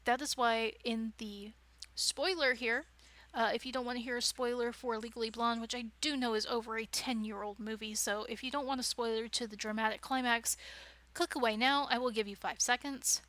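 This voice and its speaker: Casting: woman workshop presenter, chatty and keen, bright voice, slightly high, dry close sound. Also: fairly even intonation, moderate pace, no room sound. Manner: chatty, digressive, enthusiastic. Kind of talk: informal lecture.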